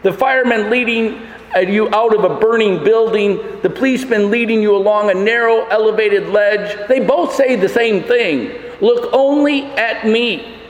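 Male pastor, high voice, emphatic sermon delivery, echoey church hall recording. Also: normal speed. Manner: emphatic preaching with rhetorical questions. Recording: echoey hall with long reverb.

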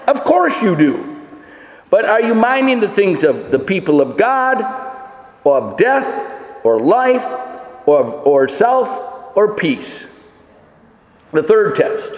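A man's voice: high-pitched, darkish tone. A man preaching a sermon as pastor, emphatic and full of rhetorical questions with dry asides. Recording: echoey church hall with long reverb.

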